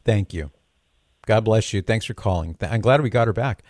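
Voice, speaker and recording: A man's voice: on the low side, moderate pace, a little mellow, dry recording, studio quality. An older man hosting a radio call-in show, chatty and joking with a lightly sarcastic edge. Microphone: studio microphone.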